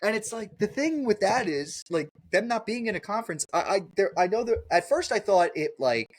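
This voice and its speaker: A man's voice: high-pitched, very animated, fairly quick, husky, no echo. A young man co-hosting a casual sports podcast, rambling and restarting his sentences a lot, with easy cursing. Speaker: podcast co-host.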